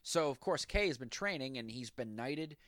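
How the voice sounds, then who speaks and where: A man's voice: mid-range voice, lively intonation, normal speed, a bit bright, no room sound. A man co-hosting a casual chat, eagerly retelling film scenes. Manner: enthusiastic storyteller, retells scenes. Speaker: podcast co-host.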